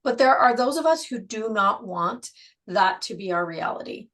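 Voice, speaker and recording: Woman guest on a podcast, explaining things slow and steady, leans on key words, mid-pitched voice. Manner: measured, slows down to stress key words. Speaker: guest, program co-creator. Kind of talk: explanatory interview talk.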